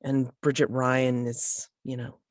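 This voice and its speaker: A woman running a tabletop game as game master, narrating slowly and hesitantly, with many restarts. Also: extremely low pitch, level tone, dry recording, studio quality.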